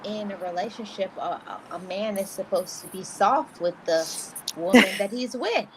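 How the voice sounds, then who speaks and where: A woman's voice: mid-range voice, normal speed, noisy background. Earnest woman podcast host. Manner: earnest, repeats words when starting a thought. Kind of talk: casual podcast conversation.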